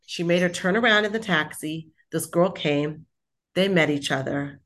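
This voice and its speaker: Brief: woman host, very low voice, enthusiastic and affirming. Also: moderate pace, fairly bright tone. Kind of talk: casual conversation.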